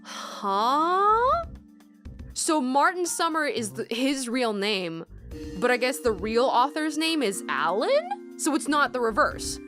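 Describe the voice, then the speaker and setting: An excitable woman thinks aloud as she talks her way through a game. Her voice is fairly high and very lively in pitch, with faint music playing behind her. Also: measured pace. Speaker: let's play commentator. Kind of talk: casual game commentary.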